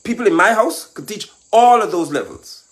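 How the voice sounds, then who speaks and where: With faint insect noise behind him, a male political commentator gives a scolding monologue at a moderate pace. His voice is high and very lively, and he mocks, lectures, and works his way up to shouting.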